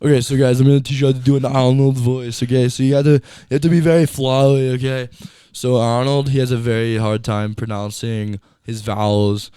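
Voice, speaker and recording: A young man with a smooth, clear voice, joking in a laid-back way as a podcast co-host. The sound is close and dry. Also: medium pitch, level tone, fairly quick, warm tone, no echo. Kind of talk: casual podcast chat.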